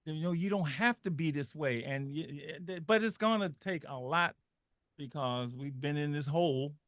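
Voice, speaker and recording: Middle-aged guy on radio, kinda high voice, fired up, keeps restarting, dry sound. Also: normal speed, no room sound. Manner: animated, repeats himself, restarts often. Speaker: guest. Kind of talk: impassioned radio talk.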